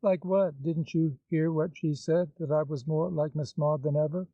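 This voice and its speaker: A man's voice: on the high side, steady tone, moderate pace, no room sound. A man reading the part of a bold, impertinent young woman with a glib, mocking manner, in a dull, dry recording. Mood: playful mocking.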